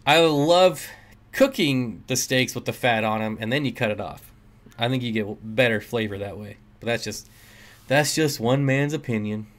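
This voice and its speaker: A man's voice: medium pitch, normal speed. Laid-back man chatting on a livestream. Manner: joking, laughs often, answers chat aloud. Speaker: livestream host reading chat. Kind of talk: casual livestream chat. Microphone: desk mic.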